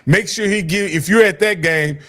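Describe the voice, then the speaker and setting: This man hosts a sports talk show and likes to tease his co-hosts with jokes. His voice is a little higher than most men's. He keeps the talk moving between segments. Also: normal speed, fairly bright tone. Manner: joking, teasing. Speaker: show host.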